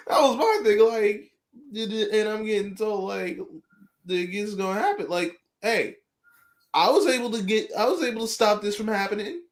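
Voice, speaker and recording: A man's voice: high voice, normal speed. A man from the US East Coast hosting a casual live stream, ranting and laughing often. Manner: animated ranting with frequent laughs.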